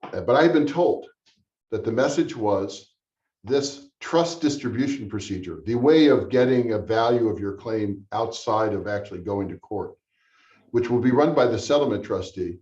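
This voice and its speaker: A man's voice: lowish voice, expressive, normal speed, a little mellow. A man answering questions at a town hall in a blunt, sarcastic manner. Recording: roomy, distant, dull sound.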